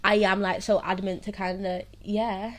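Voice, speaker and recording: A woman's voice: medium pitch, little pitch movement, moderate pace. A young woman telling her own story candidly, often laughing through painful memories and saying "like" a lot. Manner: heavy use of "like" and "so, yeah". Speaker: host of her own series.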